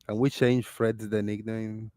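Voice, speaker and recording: A man hosting a casual livestream chat, telling stories in an animated way and laughing often. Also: lowish voice, a little slow, no room sound. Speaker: livestream host.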